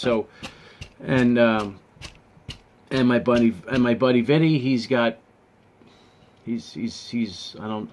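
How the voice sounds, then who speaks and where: A man talking straight to camera in a casual vlog. He tells a personal story in an earnest, rambling way, and his voice sits at an ordinary middle pitch for a man. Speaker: vlogger.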